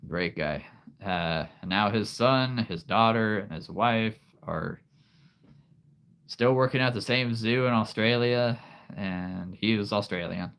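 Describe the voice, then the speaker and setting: Brief: low-voiced livestream host, thirties, halting and unhurried. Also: male voice, fairly bright tone, clear, resonant tone. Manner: rambling, halting, laughs often. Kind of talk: casual live-stream chat.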